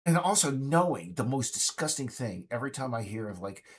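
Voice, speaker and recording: A man's voice: medium pitch, very animated, a little fast, slightly rough. A man in his fifties speaking in a casual, indignant, rambling monologue full of restarts. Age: 50s. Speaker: game developer vlogger.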